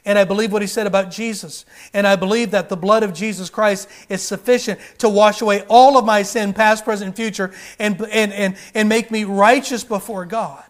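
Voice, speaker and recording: A man's voice: high voice, steady tone, fairly quick, hardly any pauses. A man preaching a sermon, driving his points with emphatic repetition and rhetorical questions.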